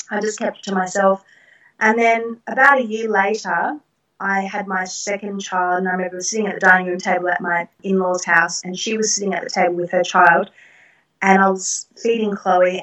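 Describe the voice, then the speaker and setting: A middle-aged woman recounts personal experiences in an interview, earnest and reflective, with soft laughs. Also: medium pitch. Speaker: guest. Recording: roomy, distant from the mic.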